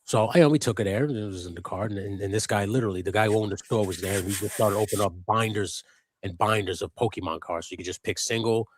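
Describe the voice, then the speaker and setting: A man co-hosting a live stream, telling an animated, profanity-laced story in casual chat. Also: lowish voice, fast. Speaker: co-host of a live customizing stream.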